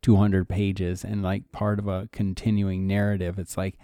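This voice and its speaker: Mellow low-voiced man co-host. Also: monotone, clear, resonant tone, no room sound, studio quality. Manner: thoughtful and measured, with fillers. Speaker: podcast co-host and writer. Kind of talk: casual conversation.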